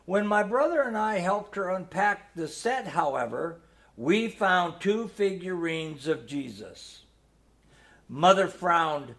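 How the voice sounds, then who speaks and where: A man reading a nostalgic holiday story aloud in a gentle storytelling manner. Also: on the high side, animated, a little slow, gravelly. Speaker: narrator.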